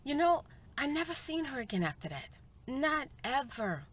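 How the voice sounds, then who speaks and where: Soft-spoken woman telling a heartfelt story. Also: sits high, very animated, quick pace. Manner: heartfelt, spiritual, chatty, addresses viewers as you guys and y'all. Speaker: ASMR storyteller. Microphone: close mic for eating sounds.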